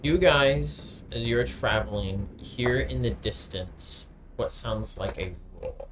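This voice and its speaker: A man's voice: medium pitch, slow pace, background noise. A man narrating as game master of a tabletop game, casual and hesitant with many ums and uhs.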